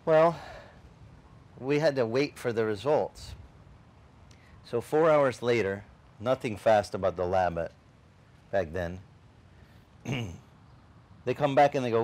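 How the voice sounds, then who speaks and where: A man's voice: mid-range voice, slow, pauses often. A male pastor preaching a conversational sermon. He tells a personal story and acts out the other people's lines, with frequent restarts, and speaks straight to the congregation. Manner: animated storyteller who acts out quoted dialogue, with frequent restarts; chatty, addresses the congregation directly.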